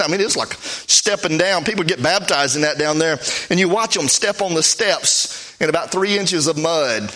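Storytelling preacher man, fairly high voice. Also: moderate pace, sharp tone. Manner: conversational, pitch swings up and down while telling stories. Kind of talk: storytelling sermon.

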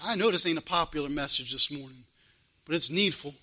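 A man preaches a fervent sermon, driving points home by repeating them. His voice sits high for a man. His tone is piercingly bright and sharp. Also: fairly quick, rough recording. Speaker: pastor.

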